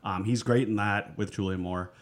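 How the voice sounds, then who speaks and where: A man's voice: fairly low pitch, steady tone, moderate pace, a crowd in the background. A man co-hosting a podcast, rambling and restarting his sentences as he recaps a show. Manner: rambling, hesitant, many restarts. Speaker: podcast co-host. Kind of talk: casual recap chat.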